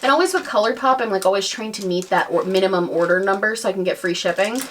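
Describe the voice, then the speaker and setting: A woman's voice: mid-range voice, fast talker, a bit bright, a little hiss or hum. Chatty, rambling young woman beauty vlogger. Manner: chatty, rambling, self-mocking. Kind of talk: casual makeup tutorial chat.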